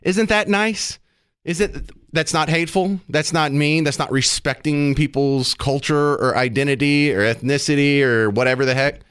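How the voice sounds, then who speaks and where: A man's voice: on the high side, fairly even intonation, moderate pace, a bit bright, clean tone, no room sound. A man hosting talk radio commentary from a studio, sarcastic and argumentative.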